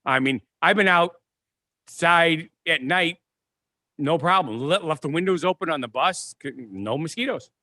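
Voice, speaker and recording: A man's voice: a little high, lively intonation, a little slow, pushed and bright, dry recording, studio quality. A man from the American Midwest, co-hosting a casual podcast chat, talking in a rambling, storytelling way over a video call. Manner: chatty, storytelling, self-interrupting. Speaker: podcast co-host.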